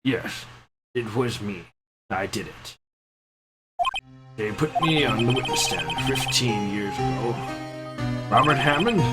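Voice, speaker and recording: A man voicing a broken middle-aged former bailiff who speaks low, slow and subdued. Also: natural voice. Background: loud game music.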